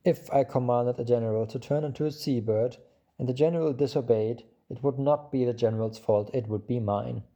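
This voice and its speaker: Pompous old king, loud and commanding, gravelly and dark in tone, as a male narrator puts him on. Audiobook character. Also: a little fast, natural voice. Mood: regal. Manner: booming, regal, commanding.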